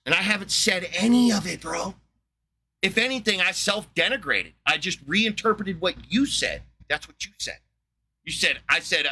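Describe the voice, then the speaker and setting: Blunt, profane man with a bright voice. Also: sits high, normal speed, husky. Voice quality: wheezy laugh. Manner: blunt, profane, excitable, laughs often. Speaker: livestream host. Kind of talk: casual livestream rant.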